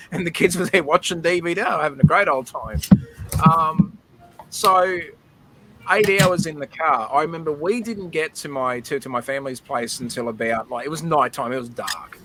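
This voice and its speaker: A man's voice: on the high side, moderate pace, pushed and bright, a little hiss or hum, poor audio. A middle-aged Australian man on a video call, telling a nostalgic, emotional story in a chatty way with lots of fillers. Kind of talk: casual storytelling.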